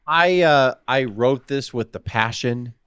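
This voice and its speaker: A man co-hosting a wrestling podcast, excitable, often ranting and swearing in bursts. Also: mid-range voice, slow, smooth, no echo. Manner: excitable, swears a lot, bursts into loud rants. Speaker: podcast co-host who wrote the segment. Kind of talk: casual podcast chat.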